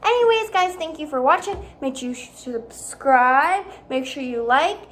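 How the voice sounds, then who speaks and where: A young woman vlogging at home, telling a casual story time in an animated, dramatic way and acting out the quotes. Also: high-pitched, unhurried, a little hiss or hum.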